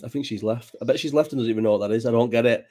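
This man's medium-pitched, mellow voice races along as he hosts a casual late-night live chat from his home. He's from Bolton, England, a child is nearby, and he rambles chattily, cursing freely.

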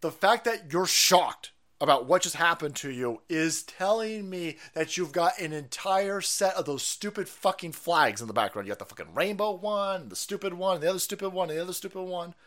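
A man hosting a stream, ranting loudly about politics with constant swearing and bursts of laughter. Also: high voice, expressive, normal speed, hardly any pauses. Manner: loud, swearing, laughing at his own jokes. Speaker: stream host. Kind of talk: profane political rant.

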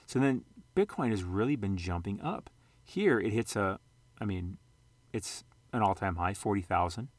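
In casual screen-share commentary, a man with a fairly low voice covers charts as a sports card and investing vlogger. He wanders in vlog fashion, often correcting himself and slipping in jokey asides, recorded close and dry with no echo.

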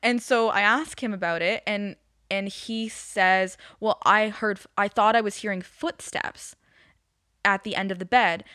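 A woman's voice: mid-range voice, a little slow, dry recording. A young woman tells a story from her own life in loose, casual chat, piling on fillers as she goes. Her voice sits mid-range, and the sound is close and dry with no room around it. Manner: rambling, many fillers, animated retelling.

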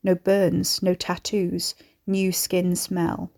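A woman voicing a menacing monstrous father who gloats in a deep growl and heavy dialect. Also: monotone, slow, creaky, darkish tone, full character voice. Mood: gloating.

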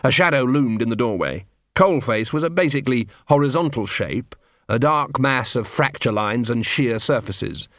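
A man narrating an audiobook in an expressive, wry storytelling manner. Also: medium pitch, normal speed, no echo, studio quality. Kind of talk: scripted narration.

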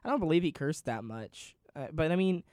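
A man's voice: on the high side, lively intonation, brisk, darkish tone, no room sound, clean studio sound. A man co-hosting a podcast, chatting casually and reading off a list of nominees. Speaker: podcast co-host. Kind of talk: casual chat.

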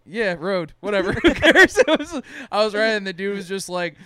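A young man from Jordan trades jokes on a podcast in a high, bright, very animated voice. He talks loosely, swears freely and laughs often. The mic sound is close and dry. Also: a little fast, no room sound. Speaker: podcast co-host. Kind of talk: casual chat.

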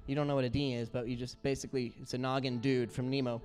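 A man preaching a sermon as pastor, telling stories in an earnest, animated way. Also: mid-range voice, fast, smooth. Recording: roomy hall with faint music.

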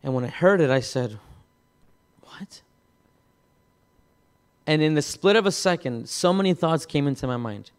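A man preaching, telling a personal story in a halting way, with many repeated words and restarts. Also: on the high side, animated, clean tone. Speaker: pastor. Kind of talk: sermon testimony.

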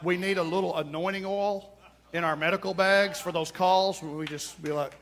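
A man's voice: high voice, steady tone, normal speed, a bit bright. A man preaching a sermon, emphatic and repetitive, with touches of humor.

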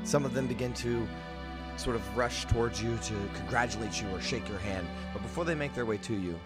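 A man's voice: mid-range voice, brisk, over loud music. A man narrating a tabletop game as game master in a casual manner, full of fillers.

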